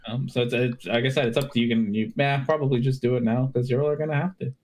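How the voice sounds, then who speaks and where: A man running a tabletop game as game master, talking haltingly with many fillers over an online call. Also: medium pitch, steady tone, background noise.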